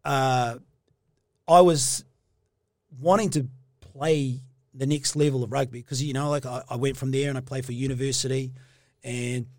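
A man's voice: mid-range voice, no echo, studio quality. A middle-aged man, a former rugby player telling his story in a casual interview, rambling with many fillers and restarts.

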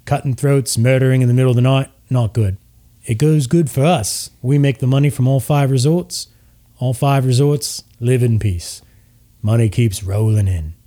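A man's voice: mid-range voice, moderate pace, mellow, close to an everyday voice. A man doing a cynical security boss. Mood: wry.

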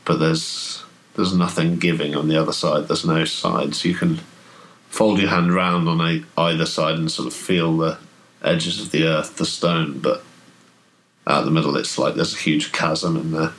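A man running a tabletop horror game as game master, telling the scene in a relaxed, hesitant way with many fillers. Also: rumbling low, moderate pace. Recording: podcast audio.

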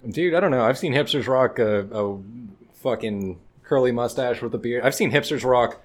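A man's voice: mid-range voice, moderate pace. A laid-back man in a casual chat with friends, swearing casually.

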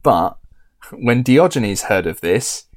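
A man's voice: on the low side, animated, takes it slowly. A man, animatedly telling a story in casual podcast chat.

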